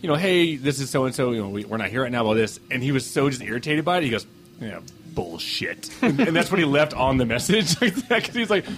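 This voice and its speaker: Animated man telling stories on a podcast. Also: medium pitch, fast talker, few pauses, soft background music. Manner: storytelling, animated. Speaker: podcast co-host. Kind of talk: casual podcast chat.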